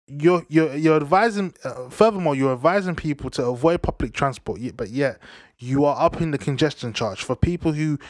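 A man's voice: a little high, a little fast, no room sound, clean studio sound. A young man ranting to camera, heated, slangy and full of swearing and restarts. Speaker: vlogger.

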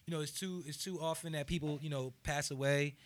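A man's voice: fairly high pitch, fairly even intonation, brisk. A man hosting a podcast, talking in a laid-back drawl with lots of fillers. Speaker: podcast host. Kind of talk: casual podcast banter.

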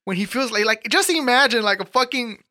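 A man hosting a casual podcast chat, telling animated, profane stories and acting out the people in them. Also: very high-pitched, a little fast. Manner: animated storyteller, profane, acts out quoted people. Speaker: podcast host.

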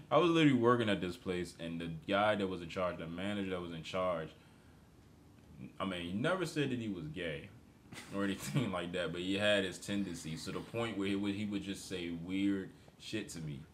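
A man with a very low voice tells blunt, profane workplace stories in a loose podcast chat. He laughs his way through his own anecdotes. A faint hiss of noise sits under the recording. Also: expressive, a little fast. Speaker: podcast co-host. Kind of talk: casual chat.

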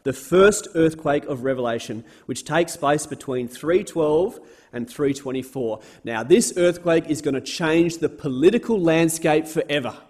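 A man delivers a sermon in an earnest, steady voice that sits a little high for a man. He leans on repeated words for emphasis. When he reads scripture aloud, his delivery rises in force. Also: unhurried, husky. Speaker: speaker giving a Bible talk.

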